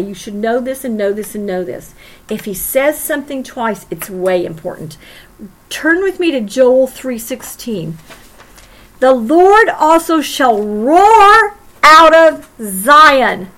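A woman teaching a Bible study, emphatic, with rhetorical questions and dramatic pauses. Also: high-pitched.

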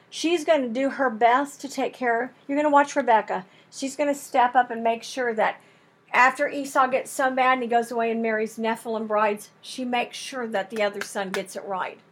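A woman's voice: a little high, breathy edge. A woman teaching a Bible lesson in an earnest, emphatic way, using folksy turns of phrase and building intensity as she makes her points.

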